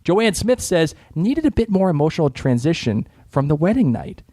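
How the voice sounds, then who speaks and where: A man's voice: fairly high pitch, sing-song, moderate pace, warm tone, dry recording, studio quality. A young man with a Boston accent hosting a casual podcast, joking and reading out listener comments. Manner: jokey, reads listener comments. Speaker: podcast host.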